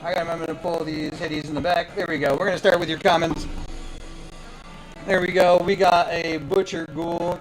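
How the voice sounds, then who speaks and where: Hyped stream host guy, kinda high voice, faint music going behind him. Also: level tone, moderate pace, low-quality recording. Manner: hyped, playful, talks straight to viewers. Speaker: live stream card-opening host. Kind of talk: excited live stream chatter.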